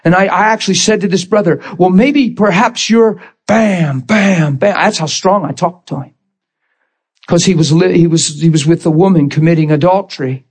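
A man with a notably high voice preaches with dramatic intensity. He retells a story in vivid bursts, leaning hard on key words. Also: a little fast, breathy edge. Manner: emphatic, dramatic retelling with sudden loud bursts. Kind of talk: sermon storytelling.

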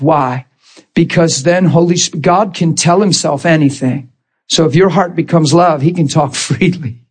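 A man with a notably high voice preaches with dramatic intensity. He retells a story in vivid bursts, leaning hard on key words. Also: unhurried. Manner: emphatic, dramatic retelling with sudden loud bursts. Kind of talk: sermon storytelling.

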